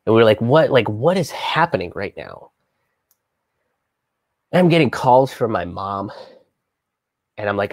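A man casually telling a heavy personal story on a live stream, halting and restarting often and swearing freely. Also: lowish voice, very animated, darkish tone, no echo, clean studio sound.

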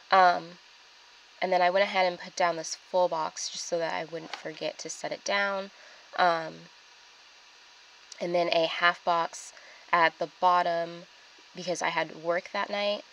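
A woman's voice: on the low side, slight background noise, poor audio. A young woman chatting casually through her weekly planner spread, with lots of ums and likes. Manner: chatty, filler-heavy, with many ums and likes. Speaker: planner vlogger. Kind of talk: casual plan-with-me narration.

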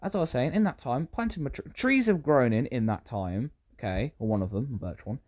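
A man's voice: mid-range voice, animated, a little fast, darkish tone. A British man giving rambling, self-interrupting commentary while playing a game. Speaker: gaming YouTuber. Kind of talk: Minecraft gameplay commentary.

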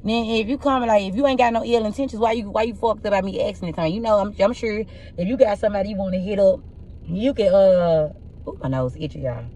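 A young woman with a rough, husky voice, doing a casual tarot reading and telling blunt, profane stories in an animated way. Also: mid-range voice, fairly quick. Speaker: tarot reader.

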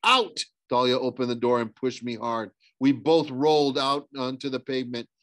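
A man's voice: medium pitch, level tone, moderate pace, no echo. A man reading a novel aloud in first person, hesitant and often restarting his sentences. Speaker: audiobook reader.

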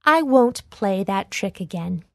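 A woman voicing a young shepherd boy in a storybook, calling out loudly in a high voice. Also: animated, unhurried, gravelly, dry recording, studio quality. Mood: sheepish. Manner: shouting and pleading, high and loud. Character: young shepherd boy, mischievous then frightened.

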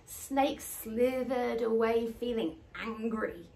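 A friendly woman reads a children's story aloud for a podcast. Her voice is slow and gravelly, with a very lively, swooping pitch. The room adds a clear echo. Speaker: podcast co-host, story reader. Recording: echoey room.

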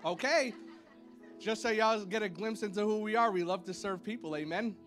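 A man's voice: normal speed, fairly bright tone, faint music behind. A man preaching a casual, playful sermon to a church congregation, chatty and full of "y'all" and "like", with a church sanctuary around him. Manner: chatty and playful, lots of "y'all" and "like", with high playful sound effects. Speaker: pastor.

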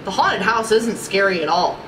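A woman voicing a sweet young female cartoon duck in a storybook reading, in a gentle, admiring manner. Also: mid-range voice, animated, moderate pace, roomy sound, close to an everyday voice. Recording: distant mic with background noise.

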